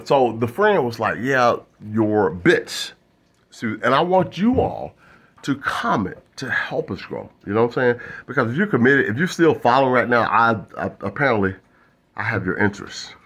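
Husky man rambling through comedy bits. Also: on the low side, a bit bright. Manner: loose, self-interrupting, many fillers and restarts. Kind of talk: rambling stand-up monologue to camera.

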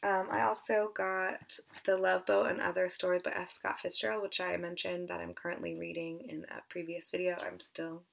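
A woman's voice: on the low side, little pitch movement, moderate pace, gravelly, hardly any pauses. A woman chatting casually as a book vlogger, a little out of breath, hesitant and stumbling over names, sometimes dropping to whispered asides. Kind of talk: casual chat.

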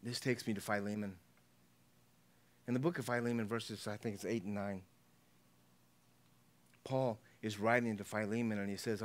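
A man's voice: fairly low pitch, fairly even intonation, normal speed, long pauses. A middle-aged man preaching a sermon as pastor, talking conversationally, repeating his words and checking in with his listeners.

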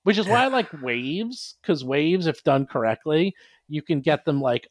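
A man being interviewed as a game author, chatting casually and acting out his players in quick quoted voices. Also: fairly high pitch, animated, dry recording. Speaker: guest, adventure author and publisher.

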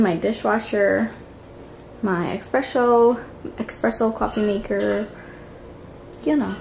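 A woman's voice: medium pitch, creaky, a little hiss or hum, poor audio. A woman giving a casual tour of her home, filming on a handheld phone and rambling with ums and small laughs. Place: home apartment, indoors. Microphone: handheld phone camera while walking.

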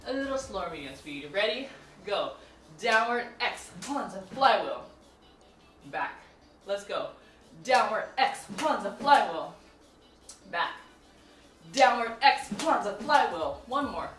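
A woman's voice: mid-range voice, sing-song, takes it slowly, long pauses, a bit bright. A woman teaching a martial arts routine on video, counting moves and chatting with viewers between drills. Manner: counts out moves and cues students; chatty, laughs and jokes with viewers. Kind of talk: instructional tutorial. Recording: echoey room, mic at a distance, faint music.

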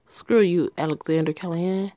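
A woman's voice: fairly low pitch, steady tone, moderate pace, no echo, lo-fi sound, close to an everyday voice. A woman reading the part of a cruel, vengeful young woman who taunts her ex-lover in a mocking, sneering way.

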